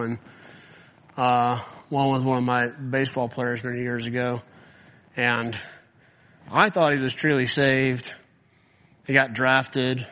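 A man teaching a Bible class in a loose, chatty way, peppering his talk with "like" as he tells stories. His voice sits at an ordinary middle pitch. It carries a long reverb from a hall and comes through on somewhat dull, muffled audio. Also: bright, forceful tone. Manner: casual, lots of "like" fillers.

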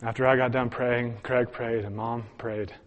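A man tells a personal story from the pulpit. He speaks earnestly at a mid-range pitch, breaking into small chuckles and restarting his sentences as he goes. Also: level tone, normal speed. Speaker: pastor. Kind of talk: sermon storytelling.

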